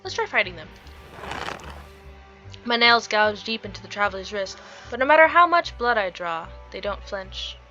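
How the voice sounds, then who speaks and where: Bright-voiced woman reading a game aloud. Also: medium pitch, expressive, normal speed, dull audio, soft background music. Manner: reads the story dramatically, breaks off into giggly asides. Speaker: game streamer. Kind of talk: reading a visual novel aloud with commentary.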